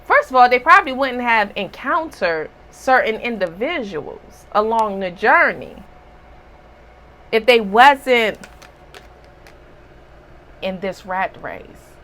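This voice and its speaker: Spiritual reader, woman, slightly hoarse; slow, emphatic, preachy delivery with a bright edge. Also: fairly high pitch, sing-song, rough recording. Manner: emphatic and preachy, with rhetorical asides. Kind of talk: casual spiritual reading.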